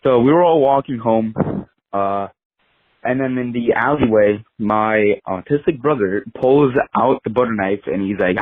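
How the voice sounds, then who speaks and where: A young man with a lowish voice leaves a rambling story on a voicemail, packing it with filler "likes." The phone line gives it a tinny quality with no echo.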